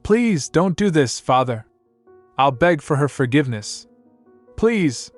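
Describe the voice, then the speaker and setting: A man's voice: fairly high pitch, big pitch swings, slow, dry recording, voice pushed up. A man voicing a desperate young noblewoman who pleads and screams to protect her sister, over faint music. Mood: pleading.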